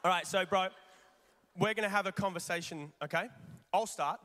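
A man with a notably high voice preaches a lively, conversational sermon, firing rhetorical questions at his congregation. His voice rings out with the long reverb of a large church hall. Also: normal speed.

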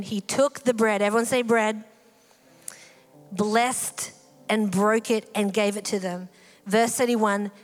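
Woman preaching in a reverberant hall. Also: a little high. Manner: animated, acts out voices in the story. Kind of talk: sermon. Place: church hall. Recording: hall reverb with faint music.

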